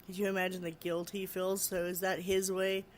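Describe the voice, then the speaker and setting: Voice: mid-range voice, normal speed. A podcast host casually retelling a ghost story in a chatty way, full of "she's like" and "you know". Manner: animated when quoting others, raising voice.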